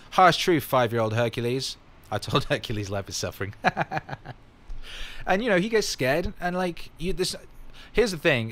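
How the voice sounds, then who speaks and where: A man hosting a casual livestream Q&A, answering viewer questions in a blunt, emphatic way and swearing freely. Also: fairly low pitch. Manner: repeats catchphrases.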